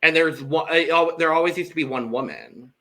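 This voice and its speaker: A man's voice: fairly high pitch, a little fast, vocal fry, sharp tone. A man co-hosting a podcast, chatting casually and throwing in dry, sarcastic remarks. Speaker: podcast co-host. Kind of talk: casual chat.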